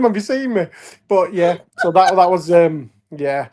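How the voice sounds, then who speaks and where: A man from Leeds with a Yorkshire accent, a wrestler and actor telling animated anecdotes with laughs in a casual interview. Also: sits high, unhurried. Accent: Yorkshire English. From Leeds, England. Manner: animated anecdotes with frequent laughs and acted-out quotes. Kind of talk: casual storytelling chat.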